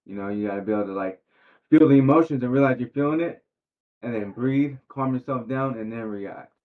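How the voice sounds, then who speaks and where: A professional boxer talking as a podcast guest in a laid-back, slangy way, full of fillers. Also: male voice, mid-range voice, brisk. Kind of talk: casual interview chat. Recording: tinny phone-like sound.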